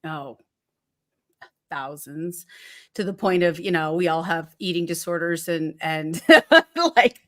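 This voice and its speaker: A woman co-hosting a casual chat, relaxed and candid, laughing easily. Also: lowish voice, takes it slowly. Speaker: co-host.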